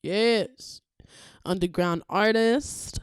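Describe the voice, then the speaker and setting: A woman's voice: mid-range voice, extremely slow, clean tone, dry recording, studio quality. A woman hosting a podcast on her own, chatting casually and thinking aloud as she introduces songs. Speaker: podcast host. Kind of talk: casual solo podcast chat.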